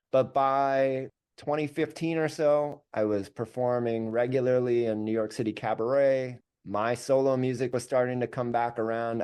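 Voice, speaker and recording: A man's voice: mid-range voice, smooth. Candid storytelling man on a podcast. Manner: candid, animated, self-deprecating. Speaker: musician guest. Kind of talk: casual storytelling interview.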